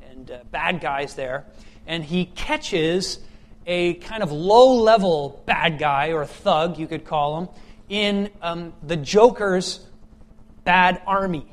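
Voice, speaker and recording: A male preacher with a notably high voice reads scripture and then preaches in a chatty, storytelling way. He stumbles and restarts often, then builds to emphatic, ringing questions. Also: a little hiss or hum. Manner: conversational, with fillers and restarts, rising to emphatic questions. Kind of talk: scripture reading and sermon.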